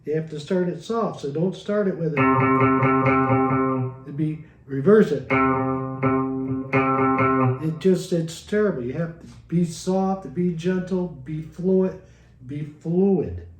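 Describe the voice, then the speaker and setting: A man giving a casual guitar lesson, explaining in a slow, halting way with many restarts. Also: a little high, dark tone, roomy sound, poor audio. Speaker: guitar teacher. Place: recording studio. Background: guitar playing.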